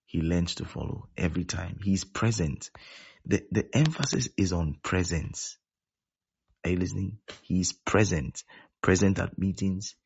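A man's voice: sits low, unhurried, vocal fry, a little mellow, husky. A man preaching a sermon as pastor, repeating his points and often asking whether his listeners are following. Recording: dull lo-fi sound.

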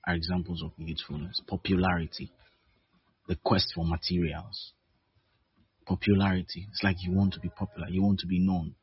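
Low husky male pastor preaching, chatty and teasing, dull lo-fi sound. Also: no echo. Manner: conversational, teasing, laughs between points. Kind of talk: sermon.

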